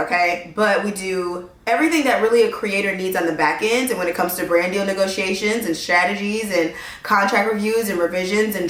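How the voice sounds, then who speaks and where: A woman's voice: mid-range voice, echoey room, rough recording. A young woman and legal consultant, talking casually and emphatically to her viewers in a slangy vlog. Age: young adult. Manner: chatty, animated, slangy and emphatic. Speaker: legal consultant and content creator.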